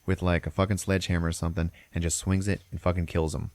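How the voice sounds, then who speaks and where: A man's voice: low voice, level tone, fast, darkish tone, no echo. A man hosting a podcast, retelling a film plot in a loose, profane, rambling way. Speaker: podcast host. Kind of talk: casual film recap.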